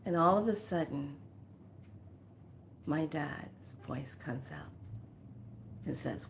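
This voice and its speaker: A woman's voice: deep voice, takes it slowly, vocal fry, long pauses. A woman hosting a casual spiritual talk, telling a family story animatedly and laughing often. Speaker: spiritual teacher and host.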